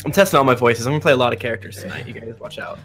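A man's voice: medium pitch, racing, soft background music. A man, the game master, joking and teasing his players in casual banter before a tabletop game.

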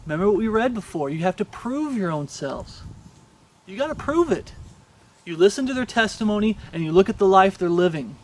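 High-voiced man preaching a sermon. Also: expressive, brisk, a little hiss or hum. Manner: earnest, repetitive preaching with frequent "Okay?".

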